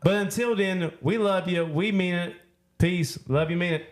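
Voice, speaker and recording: A man's voice: sits high, noisy background. Joking podcast host, a man. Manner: loose and joking, with drawn-out filler pauses. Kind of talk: casual chat.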